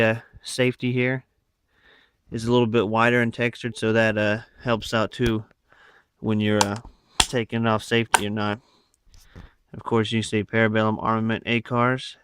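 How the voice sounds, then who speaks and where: Casual rambling man, smooth voice. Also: fairly low pitch, a bit bright, dry recording, clean studio sound. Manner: rambling, many fillers and asides. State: out of breath. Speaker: rifle owner showing his gear. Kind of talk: casual show-and-tell. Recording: phone recording.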